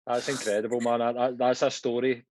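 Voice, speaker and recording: A man's voice: mid-range voice, little pitch movement, brisk, darkish tone, a little hiss or hum. A man, co-hosting a podcast and chatting in an easygoing way, with a few hesitant restarts. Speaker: podcast co-host. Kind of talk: casual interview chat. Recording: dry, dull lo-fi sound.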